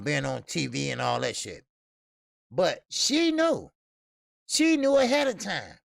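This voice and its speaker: A man's voice: on the high side, vocal fry, a bit bright, dry recording, clean studio sound. A man hosting a casual boxing livestream, loose and profane, greeting viewers in the chat and laughing often. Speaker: host of a boxing talk stream.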